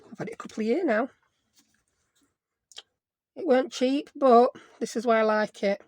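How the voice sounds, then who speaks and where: A woman's voice: on the high side, moderate pace, a little mellow, no echo. A woman hosting a casual craft tutorial, chatty and self-deprecating, thinking aloud as she works. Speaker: craft video host.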